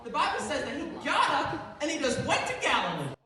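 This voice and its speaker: In an indoor hall full of children, a young adult man with an extremely high voice gives a playful devotion, talking a little fast amid crowd noise. His comic youth sermon is animated and laughter-filled. Heard from far off, the hall echoes, and the children and room noise fill the background.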